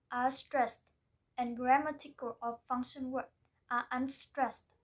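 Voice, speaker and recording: High-voiced woman slowly reading a presentation. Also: poor audio. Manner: careful, reading aloud from a script. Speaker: student presenter.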